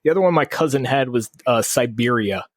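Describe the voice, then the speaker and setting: A man joining a podcast as a guest in casual chat, giggly and quick to laugh. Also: mid-range voice, dry recording, clean studio sound.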